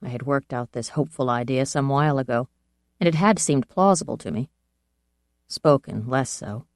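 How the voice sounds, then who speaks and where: An audiobook narrator reading a first-person fantasy novel in a measured, even storytelling manner. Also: mid-range voice, dry recording, clean studio sound.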